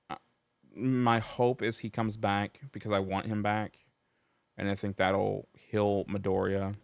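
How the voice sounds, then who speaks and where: A man's voice: on the low side, no echo. A young man rambling emotionally and casually, with frequent restarts, as he reviews an anime. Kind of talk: casual vlog commentary.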